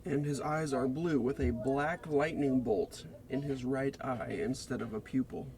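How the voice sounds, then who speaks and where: A man's voice: mid-range voice, a little mellow. Guy reading his game character idea off notes, mid voice, faint hiss behind. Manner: deliberate, scripted reading. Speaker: game fan presenting a character concept. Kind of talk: read-aloud character pitch.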